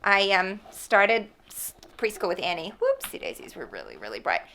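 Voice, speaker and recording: A homeschooling mother narrates a casual home vlog in a lowish, sing-song voice that is bright and forceful, at normal speed. Chatty, self-deprecating and often laughing, she speaks amid the noise of a busy family home.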